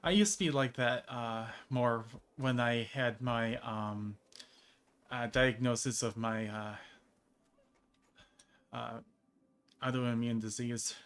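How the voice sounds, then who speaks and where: A male game streamer talking loosely over his play at an average, middling pitch. He rambles from thought to thought and laughs often between phrases. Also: steady tone, slow pace, long pauses, a bit bright, smooth. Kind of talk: casual gameplay chat.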